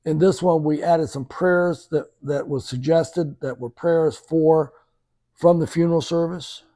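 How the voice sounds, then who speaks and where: As a podcast guest, a man with a fairly high voice tells a story in an unhurried way, recorded dry. He's a lively, conversational storyteller who acts out the dialogue he quotes.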